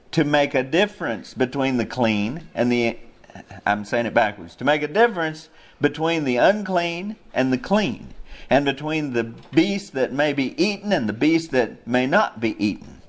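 A man preaching a sermon, passionate, climbing into high, loud cries when he quotes scripture. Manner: impassioned, rises to high cries when quoting. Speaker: pastor.

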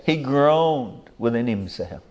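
A man's voice: medium pitch, lively intonation, takes it slowly, darkish tone. An older man, preaching a sermon in a folksy, rambling way with rural grammar.

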